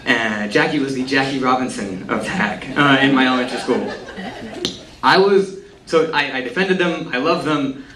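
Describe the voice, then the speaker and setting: A man's voice: mid-range voice, normal speed, crowd noise. A man in his twenties from Texas telling a comic story to a live audience, with a wry, self-mocking delivery. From Texas, USA. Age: 20s. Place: stage at a live storytelling event. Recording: echoey room, distant mic, faint hiss.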